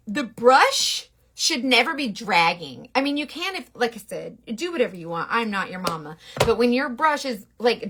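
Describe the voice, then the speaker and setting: A woman makeup artist chatting through a makeup tutorial with a bright, somewhat high voice. Her pitch swings all over as she rambles playfully, full of sass and slang. Recorded close on a phone camera indoors. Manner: sassy slangy talk.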